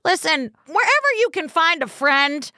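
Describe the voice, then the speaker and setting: High bright woman, super bubbly true crime pod cohost, voice bouncing all over. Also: big pitch swings, no echo, clean studio sound. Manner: bubbly, chatty, quick to laugh and do accents. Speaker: podcast co-host. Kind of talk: true crime podcast chat.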